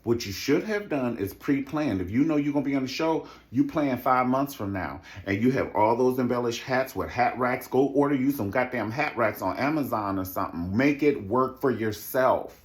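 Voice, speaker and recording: A man giving a sassy, profane recap rant about a reality show, with a lively, animated delivery. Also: moderate pace, hardly any pauses. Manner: animated, sassy, swings into mocking high impressions. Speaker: reality TV commentator.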